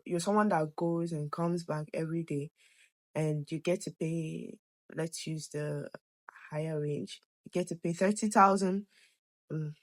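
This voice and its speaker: A slightly hoarse woman, an education consultant, talking the viewer through figures in a conversational explainer video. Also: on the low side, darkish tone.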